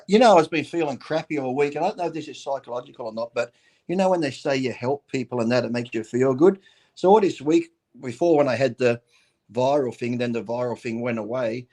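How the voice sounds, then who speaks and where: A man's voice: mid-range voice, darkish tone. Rambling Australian man in his fifties. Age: 50s. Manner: rambling, swears, laughs through anecdotes. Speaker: bodybuilder guest on a talk show. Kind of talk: casual storytelling.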